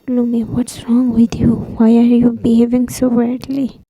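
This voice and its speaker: A woman's voice: a little high, monotone, moderate pace, warm tone, no echo, rough recording. A woman reading the part of an anxious young woman student who pleads with her uncle for help.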